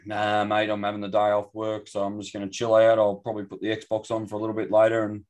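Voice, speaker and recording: A man's voice: fairly low pitch, completely flat delivery, fast talker, a little mellow. A young man co-hosting a casual podcast, easygoing and reminiscing with crude humour. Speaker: podcast co-host. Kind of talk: casual chat.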